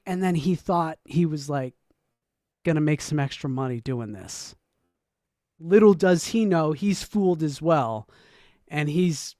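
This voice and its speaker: A man casually commenting as he reacts to a video, rambling and joking, swinging from low mumbles to loud whoops. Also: expressive, unhurried, no room sound, clean studio sound. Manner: frequent restarts and laughs, profane.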